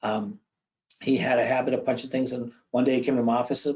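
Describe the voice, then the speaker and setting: A man giving an educational presentation with slides, conversational and often checking in with a quick "okay?". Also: medium pitch, level tone, a little mellow. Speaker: education speaker. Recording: dull lo-fi recording.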